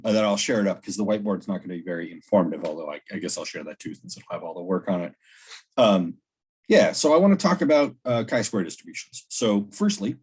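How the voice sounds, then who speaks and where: A man's voice: on the low side, darkish tone, slightly rough. A middle-aged man giving a casual recorded statistics lecture on a headset mic, rambling with lots of ums and restarts. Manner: rambling, self-correcting, frequent ums and restarts. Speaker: statistics teacher.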